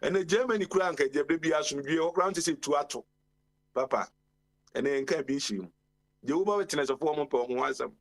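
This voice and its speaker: A guest on a radio talk show, this man has a fairly high voice and talks fast. He delivers a long, rambling monologue packed with exclamations, often calling out "Papa."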